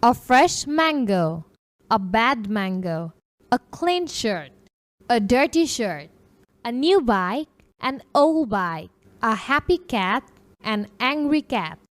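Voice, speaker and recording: A woman teacher reading a children's English lesson aloud, slowly and carefully, modelling phrases for pupils to repeat. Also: a little high, big pitch swings. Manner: slow, careful, clearly articulated drill reading.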